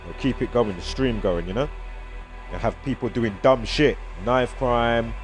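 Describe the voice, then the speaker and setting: Speaking at a normal speed in a mid-range voice, this British vlogger meanders through a casual commentary full of number strings. Soft music plays in the background.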